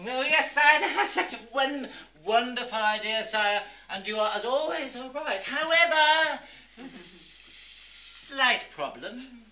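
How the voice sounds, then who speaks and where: A fawning, scheming royal advisor flatters his king in a high, shrill, sing-song voice, as a man acts him out. The voice sits back from the mic in an echoey room. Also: slow pace, far from the mic, exaggerated voice. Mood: wheedling, scheming. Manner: obsequious, grovelling, giggly.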